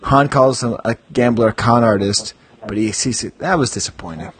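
A man's voice: mid-range voice, moderate pace. A man hosting a podcast, chatting and reading descriptions aloud with amused mock gravity. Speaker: podcast host.

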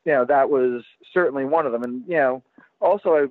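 A man, a guest collector, chatting casually on a podcast in a halting way, full of restarts and fillers. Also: mid-range voice, no room sound. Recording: tinny, dry phone line.

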